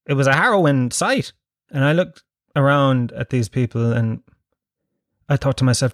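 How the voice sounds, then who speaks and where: A man's voice: medium pitch, measured pace, long pauses, no echo, clean studio sound. A man in his thirties with a Dublin Irish accent, hosting a casual solo podcast from his sitting room in a rambling, sweary, self-mocking way. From Ireland. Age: 30s. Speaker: podcast host.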